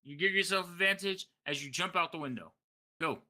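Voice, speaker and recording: A man's voice: sits high, fairly quick, pushed and bright. A man narrating as game master, tired late at night, rambling and correcting himself as he goes.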